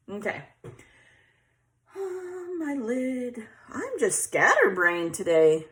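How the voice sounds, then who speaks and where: A woman's voice: fairly high pitch, sing-song, slow pace, pauses often, a bit bright. Lady showing a paper craft, chatty, laughs easy, keeps asking okay. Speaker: craft tutorial host. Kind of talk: casual crafting tutorial.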